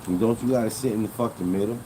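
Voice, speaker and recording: A crude male heckler mocks and insults, pitched a little high, as a streamer imitates him. Steady background noise sits behind the voice. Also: rapid-fire, natural voice. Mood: jeering. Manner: jeering and crude. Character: mocking insulting male chat viewer.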